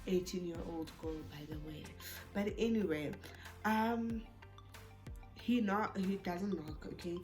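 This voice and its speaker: A young South African woman telling a storytime vlog, animated and code-switching, who rises into exasperated bursts. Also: on the low side, slow, pauses often, over music. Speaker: YouTuber.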